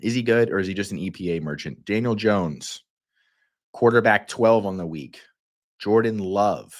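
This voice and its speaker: Southern male stream host, low-pitched, goofy and rambling, quick bursts of energy. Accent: Southern American. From Kentucky. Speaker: fantasy football livestream host. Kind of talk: casual livestream talk.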